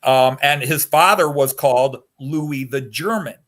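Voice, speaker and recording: A man's voice: medium pitch, unhurried, fairly bright tone. A man talking casually and at length on a hobby chat show, rambling and getting worked up over history.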